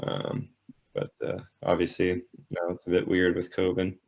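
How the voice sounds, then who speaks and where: A young American man, a hockey player guest, talking in a laid-back, halting way. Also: low voice, fairly even intonation, creaky. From United States. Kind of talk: casual interview chat. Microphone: video call. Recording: dull lo-fi video call audio.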